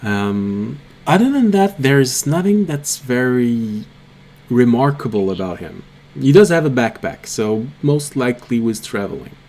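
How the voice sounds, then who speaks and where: Man, game master narration, slow unhurried delivery, halting with filler sounds, mid pitch. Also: lively intonation, darkish tone. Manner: hesitant, many ums and uhs.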